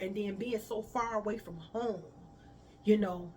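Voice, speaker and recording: A woman's voice: mid-range voice, measured pace, a little mellow, distant mic, slight background noise. A woman telling a personal story to her viewers, talking casually and acting out the dialogue of the people in it. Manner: conversational, addresses viewers as y'all, quotes others in dialogue. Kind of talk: emotional storytime vlog.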